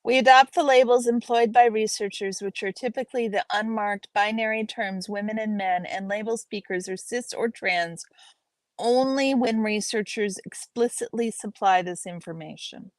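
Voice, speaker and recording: A woman's voice: medium pitch, normal speed, no room sound, rough recording. A woman hosting a live stream, reading an academic paper aloud and breaking off to chat with her viewers. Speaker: livestream host reading aloud.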